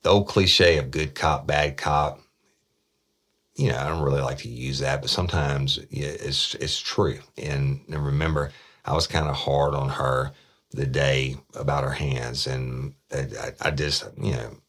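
A man's voice: a bass voice, fairly even intonation, measured pace, a bit bright, breathy edge. A middle-aged man, a former detective hosting a podcast, tells a true-crime story in a blunt, plain-spoken way.

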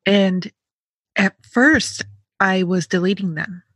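A woman hosts a podcast in a relaxed, friendly conversation, laughing easily and poking fun at her own speech habits. Her voice is a little husky and sits at a middle pitch. The sound is dry and close. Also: slow, no room sound. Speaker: podcast host. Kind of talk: casual conversation.

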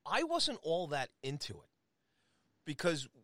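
A middle-aged man hosting a casual chat who speaks haltingly and searches for his words. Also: on the high side, huge pitch swings, sharp tone, no room sound, clean studio sound. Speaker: host.

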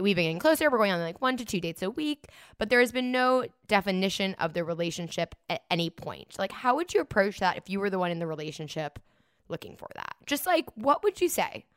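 A woman co-hosting a podcast in casual chat. She talks in a lively way, laughs often, and acts out quotes. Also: mid-range voice, clear, resonant tone, no echo, clean studio sound. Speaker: podcast co-host.

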